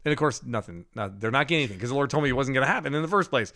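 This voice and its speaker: A man with a voice of middling pitch recounts a personal spiritual experience on a faith podcast. He tells it casually and animatedly, with frequent laughs and self-corrections. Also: rapid-fire. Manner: animated storytelling with laughs and restarts. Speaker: podcast co-host.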